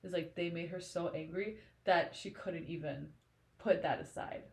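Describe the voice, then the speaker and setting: A woman's voice: lowish voice, fairly even intonation, normal speed, darkish tone. Gushing woman in a roomy echo. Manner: emotional, gushing, lots of "like" fillers. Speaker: podcast co-host. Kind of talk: casual book discussion chat.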